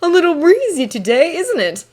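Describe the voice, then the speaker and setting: A woman's voice: high-pitched, normal speed, fairly bright tone, voice pushed up. A woman voicing a sly adult male ninja who teases lightly. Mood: teasing. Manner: light, playful teasing.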